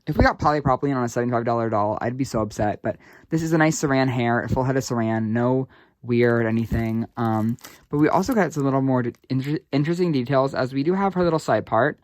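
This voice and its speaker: A young man giving a casual doll unboxing review, excitable and gushing, with lots of fillers. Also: mid-range voice, quick pace, no room sound, clean studio sound.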